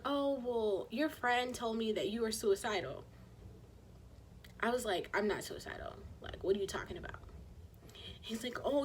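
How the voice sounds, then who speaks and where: A woman in her twenties telling a story on her channel in a casual, animated way, acting out what other people said. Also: on the high side, slight background noise. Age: 20s. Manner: animated, acts out quoted people. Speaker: vlogger.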